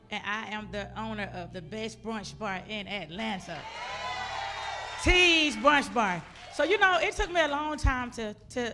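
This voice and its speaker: A woman giving an emotional, loud motivational talk as a guest speaker on a church stage. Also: medium pitch, slight background noise. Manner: loud, exuberant, emotional testimony to a crowd. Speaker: guest speaker, business owner.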